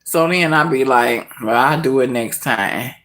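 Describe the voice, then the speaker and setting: A woman hosting a casual live cooking stream, speaking to her viewers in an emotional, heartfelt way, with many pauses and soft near-whispered moments. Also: extremely low pitch. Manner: slow, heartfelt, emotional, addresses viewers as y'all. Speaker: cooking vlog host.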